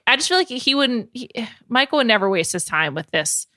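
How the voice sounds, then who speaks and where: Chatty woman host, bouncy pitch, laughs a lot, dry studio sound. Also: no room sound. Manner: animated, quick to laugh. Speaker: podcast host. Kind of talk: casual pop-culture chat.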